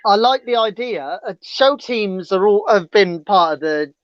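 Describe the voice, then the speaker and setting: A man's voice: high-pitched, animated, a little slow, no echo. A man chatting as a guest entertainer on a podcast, chatty and self-deprecating about himself. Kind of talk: casual podcast chat. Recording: dull lo-fi sound.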